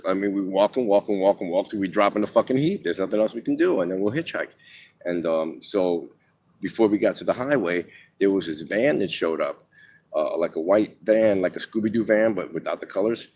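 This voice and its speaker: A low-voiced man from New York rambles through his own life story like a casual spoken memoir, full of ums, restarts and easy swearing. There's slight background noise.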